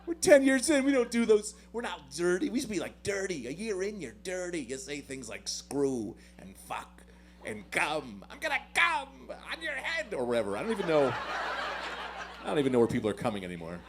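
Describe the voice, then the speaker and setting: A man doing a stand-up comedy set, telling self-deprecating stories in an animated way with loud swings. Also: a little high, quick pace.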